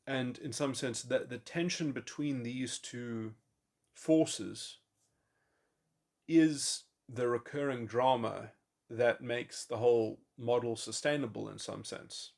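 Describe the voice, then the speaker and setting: Gravelly man musing in halting monologue. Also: medium pitch, a little mellow. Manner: musing, halting, with many restarts and fillers. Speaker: podcast host. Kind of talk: speculative monologue on psychology. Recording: voice memo.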